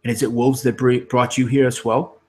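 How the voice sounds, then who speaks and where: A man's voice: medium pitch, little pitch movement, fairly quick, darkish tone, breathy edge, pitched above the performer's own voice, lightly acted. A man playing a formal older ranger.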